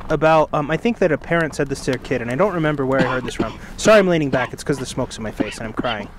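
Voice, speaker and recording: A man's voice: medium pitch, lively intonation, very fast, crowd noise. A man co-hosting a casual religious podcast, telling a story in a rambling way and correcting himself as he goes, sitting outdoors by a fire. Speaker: podcast co-host.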